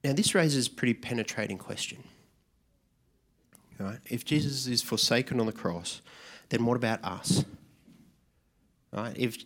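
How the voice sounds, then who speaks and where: A man preaching a sermon in a relaxed, conversational way. His voice sits at an ordinary, middle pitch for a man, and he sinks into a soft, hushed tone when he asks reflective questions. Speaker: pastor.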